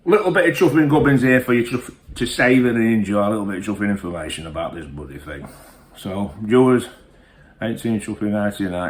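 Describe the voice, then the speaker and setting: A man's voice: on the low side, a bit bright. A man who reviews whisky and tells rambling comic stories, peppering every phrase with mild swearing.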